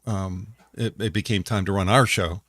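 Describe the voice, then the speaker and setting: A man's voice: low voice, steady tone, normal speed, fairly bright tone, dry recording, studio quality. A man co-hosting a casual online talk show, telling rambling stories with many restarts. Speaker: podcast co-host. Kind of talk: casual chat.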